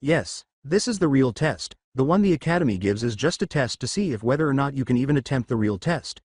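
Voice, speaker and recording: A laid-back adult male ninja teacher, read by a man in a storybook reading, calm and measured. The sound is dry and close, with a pitch that still moves freely. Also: no room sound, natural voice.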